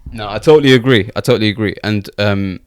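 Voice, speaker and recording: A man with a fairly low voice guides a relaxed podcast conversation. He thinks out loud and repeats words as he searches for his point, heard in a close, dry sound. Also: fast talker, clean tone, no room sound. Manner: steers the topic, thinks aloud with repeats. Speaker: podcast co-host. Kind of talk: casual discussion.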